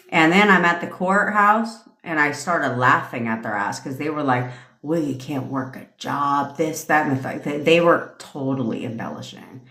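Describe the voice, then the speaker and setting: A woman's voice: low-pitched, fairly bright tone. A woman hosting a live stream, telling stories in a brash, profane, casual rant. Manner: profane, brash storytelling with frequent laughs. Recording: echoey room.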